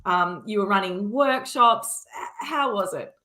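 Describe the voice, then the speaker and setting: A woman's voice: mid-range voice, lively intonation, sharp tone. A woman hosting a video call interview, bubbly and enthusiastic. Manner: bubbly, enthusiastic, quick to laugh. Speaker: host.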